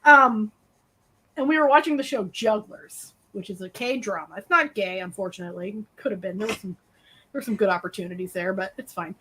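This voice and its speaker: A woman co-hosting a casual stream from home, telling stories animatedly with quick asides and frequent laughter. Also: mid-range voice, sharp tone, slight background noise. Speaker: co-host of a colouring stream. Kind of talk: casual chat. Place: at home, dryer running nearby.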